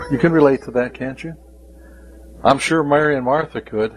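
A man's voice: medium pitch, normal speed, pauses often, a little hiss or hum, rough recording. A man preaching a devotional sermon, speaking in an emphatic way and repeating key phrases.

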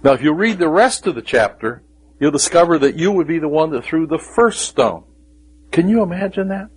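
A man preaching a sermon, with dramatic pauses and emphatic rising questions, sometimes dropping to a whisper. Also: medium pitch, husky, rough recording.

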